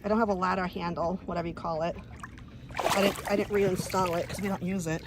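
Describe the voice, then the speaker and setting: A woman's voice: fairly low pitch, fairly even intonation, a little fast, very noisy. A woman chatting casually on a phone live stream outdoors by a pool, rambling and teasing her dogs. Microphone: handheld phone. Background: dogs barking.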